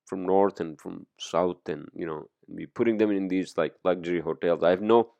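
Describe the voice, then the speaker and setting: A man talks through a loose solo podcast monologue, rambling and swearing freely between fillers. His voice sits very low with a gravelly fry, and the recording is dry and close. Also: normal speed, mellow, no room sound, dull audio. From immigrant to the US. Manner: rambling, profane, many fillers. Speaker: podcast host. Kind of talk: casual monologue.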